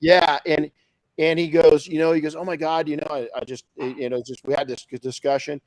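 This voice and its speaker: A man's voice: fairly high pitch, level tone, fairly quick, a little mellow, no room sound, poor audio. A man hosting a podcast in casual chat, enthusiastic and often repeating his words. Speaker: podcast host.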